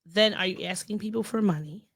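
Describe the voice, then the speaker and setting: A woman's voice: medium pitch, brisk, dry recording. A woman co-hosting a podcast in casual chat, asking curious questions and laughing easily. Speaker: podcast co-host.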